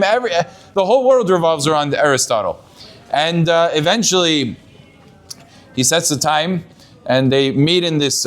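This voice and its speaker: A man giving a Torah talk as a rabbi, telling a story with Hebrew terms mixed in and often restarting his phrases. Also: on the high side.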